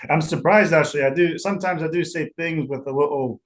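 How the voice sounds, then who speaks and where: A man's voice: fairly high pitch, fast talker. Rambling young Scottish man. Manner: rambling, with many fillers and restarts. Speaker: interview guest, football punter. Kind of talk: casual interview.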